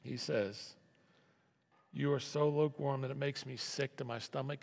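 Male pastor, gravelly voice, conversational sermon with repeats, reverberant church. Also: medium pitch, steady tone, moderate pace. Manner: conversational preaching with restarts and repeated phrases. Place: church sanctuary. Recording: long reverb of a hall.

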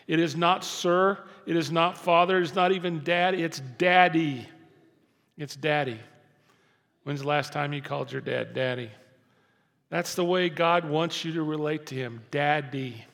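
An older man preaching a sermon as pastor, dropping to soft intimate lows and rising to loud emphatic lines. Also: fairly even intonation, normal speed, creaky. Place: church sanctuary. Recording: long hall reverb.

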